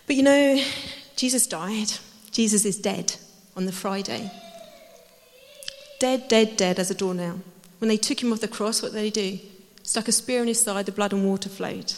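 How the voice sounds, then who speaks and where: A woman preaching a sermon, telling the story in a lively way and acting out the voices. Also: medium pitch, moderate pace. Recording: hall reverb.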